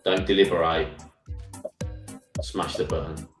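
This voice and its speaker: A man's voice: low-pitched, fairly even intonation, measured pace, reverberant, music in the background. A man with a Birmingham accent co-hosting a football phone-in live stream, reading out quiz questions twice in a chatty way. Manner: reads each question twice, chatty with frequent "mate".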